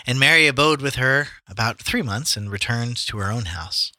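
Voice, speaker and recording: A man's voice: medium pitch, lively intonation, normal speed, pushed and bright, no echo. A man casually reading Bible verses aloud to friends in a joking chat, with a mock-solemn cadence. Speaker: co-host reading scripture aloud.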